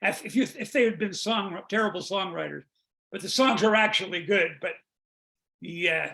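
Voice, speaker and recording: Brief: older male comedy writer, high and gravelly, rambling storyteller on a video call. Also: bright, forceful tone. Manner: rambling storyteller, restarts, quick jokes. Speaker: guest, comedy songwriter. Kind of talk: casual interview chat.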